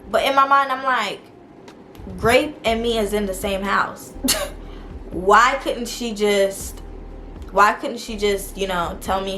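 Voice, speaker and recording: Young woman, vlogger, casual storytime, animated, mid-pitched voice, faint background hiss. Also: a little slow. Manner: animated, talks straight to viewers.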